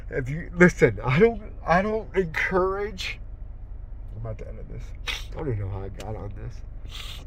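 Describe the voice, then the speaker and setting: A middle-aged man talking to camera in a raw, rambling, heartfelt monologue, his voice sinking low and quiet as he grieves. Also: very animated, normal speed, long pauses. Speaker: vlogger.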